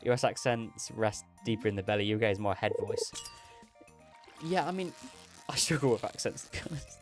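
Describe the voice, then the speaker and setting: A man's voice: on the low side, animated, normal speed, soft background music. Man chatting casually on a livestream. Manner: rambling, laughs often, self-correcting. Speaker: gaming livestream host.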